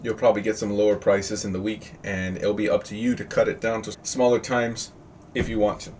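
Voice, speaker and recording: A man's voice: on the low side, level tone, brisk, a little mellow. A man teaching a live online class over a video call, chatty and jokey, often quizzing his students. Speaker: trading teacher. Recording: distant mic with faint noise.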